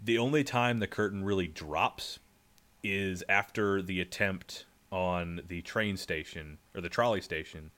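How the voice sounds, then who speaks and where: Chill podcast dude, lowish voice, lots of like and um as he rambles. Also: measured pace. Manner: relaxed and rambling, full of "like" fillers. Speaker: podcast co-host. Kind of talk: casual chat about a video game.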